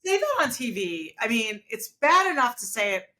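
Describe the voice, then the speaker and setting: Bright, lively-voiced woman. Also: on the high side, moderate pace. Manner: emphatic, repeats her points. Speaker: podcast co-host. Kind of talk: casual chat.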